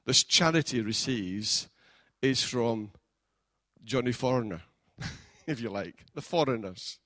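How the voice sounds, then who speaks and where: A man, a pastor preaching a sermon in a church, building from plain storytelling up to fervent shouting. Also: medium pitch, lively intonation, slow, no echo.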